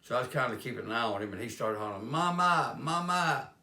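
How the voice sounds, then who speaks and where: A man's voice: lowish voice, fairly even intonation, rapid-fire, pushed and bright. A man telling homespun stories about kindness in a plain-spoken, rambling way. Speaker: life-lessons speaker. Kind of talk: folksy storytelling monologue. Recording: roomy echo.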